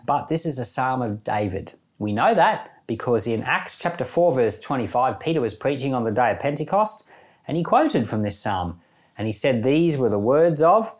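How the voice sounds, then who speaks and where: Animated, earnest male Bible reader. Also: mid-range voice. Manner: earnest, unhurried, with light chuckles. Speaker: church pastor reading and commenting on scripture. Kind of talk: scripture reading and informal Bible commentary.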